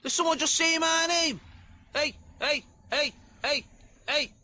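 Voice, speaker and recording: A man's voice: very high voice, unhurried, bright, forceful tone, voice pushed up, heavily acted. A man voicing a startled meerkat who yelps back indignantly. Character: squeaky startled meerkat answering a call.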